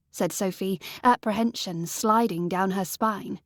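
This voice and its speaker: A woman reading an audiobook in an even, measured scripted narration. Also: medium pitch, no echo, studio quality.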